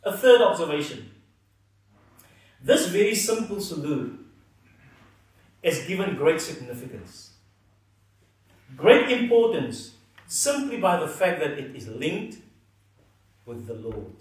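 A man preaching a sermon, earnest and emphatic, letting his phrases fall soft at the ends. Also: a little high, big pitch swings, slow pace, pauses often. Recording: echoey hall, mic at a distance.

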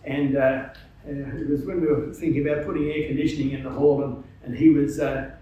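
Earnest preacher in an echoey hall. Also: male voice, medium pitch, steady tone, fairly quick, warm tone, muffled recording. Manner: earnest, emphatic, with frequent hesitations. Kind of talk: sermon. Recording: very echoey hall, distant mic, faint noise.

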